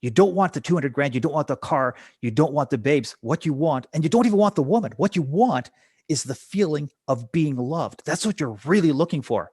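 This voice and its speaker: A man's voice: on the high side, animated, brisk, darkish tone, husky, no echo, clean studio sound. A man doing a peppy stage motivational speaker. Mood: probing. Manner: probing, upbeat questioning.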